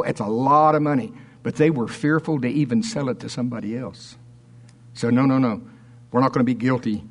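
A man's voice: medium pitch, slightly rough. Fired-up preacher guy, emphatic, drags out words for weight. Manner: fervent, emphatic, reads scripture aloud; slows down to stress words. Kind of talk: sermon.

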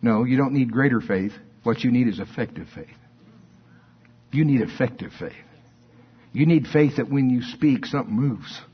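Husky preacher man. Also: normal speed, long pauses. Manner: emphatic preaching, rising to high bursts then dropping low. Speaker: pastor. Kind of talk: sermon. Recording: dull lo-fi sermon recording.

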